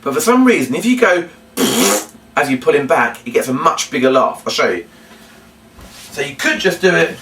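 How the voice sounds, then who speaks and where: A man teaches a children's puppet routine. He hesitates with many ums and breaks into loud, high calls to demonstrate. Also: very animated, fairly quick. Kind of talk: instructional demonstration. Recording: roomy, distant mic, faint room noise.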